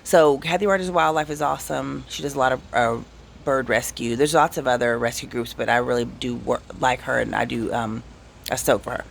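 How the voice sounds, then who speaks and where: A man's voice: mid-range voice, brisk, creaky, a little hiss or hum. A man telling casual, rambling anecdotes on his vlog. He cuts himself off and restarts often. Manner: rambling, self-interrupting, animated anecdotes. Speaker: vlogger. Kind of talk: casual storytelling.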